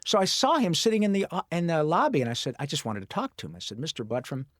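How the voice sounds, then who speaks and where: A man, a guest voice actor in a podcast interview, telling lively stories and slipping into character voices now and then. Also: high-pitched, racing, no echo, studio quality. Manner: animated storyteller who slips into character voices. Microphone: studio microphone.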